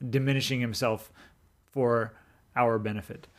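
A man co-hosting a podcast, talking through theology in a thoughtful, halting way with restarts. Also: mid-range voice, fairly even intonation. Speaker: podcast co-host. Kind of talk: casual Bible study chat.

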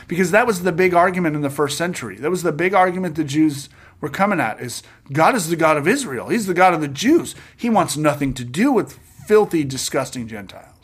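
A man teaching scripture in a relaxed, storytelling way, getting worked up with enthusiasm. His voice sits a bit higher than most men's, and he drops in quick jokes and asides. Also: breathy edge. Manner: animated, enthusiastic, jokey asides. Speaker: bible teacher. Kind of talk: casual bible teaching, storytelling.

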